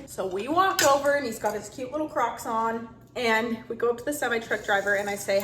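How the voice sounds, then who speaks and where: Young mother, animated storytime vlogger, faint hum in the background. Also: fairly high pitch, echoey room. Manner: chatty and animated, quick bursts. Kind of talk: casual storytime vlog.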